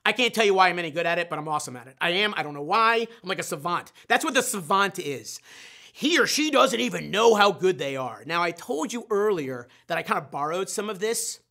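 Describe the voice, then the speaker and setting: Bright-voiced, animated male sales trainer. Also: high voice, fairly quick, gravelly. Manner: animated, acts out his own inner voice, self-deprecating humor. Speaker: sales trainer and show host. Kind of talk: motivational training talk.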